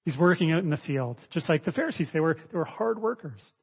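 A male preacher teaching a sermon, expressive, swinging between raised emphasis and quiet asides. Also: on the high side, fast talker, creaky, slightly rough. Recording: dull lo-fi audio with long reverb.

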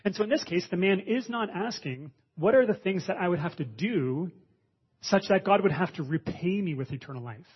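A man with a slightly high, husky voice preaches a sermon. He talks in a loose, conversational way, full of restarts. The recording sounds dull and lo-fi. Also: animated, normal speed. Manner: conversational, with frequent restarts and fillers.

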